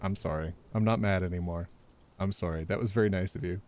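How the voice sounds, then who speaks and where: Talking fast in a deep voice, a man streams a game live, bantering with his viewers. He stays animated throughout, letting out yelps and laughs mid-play.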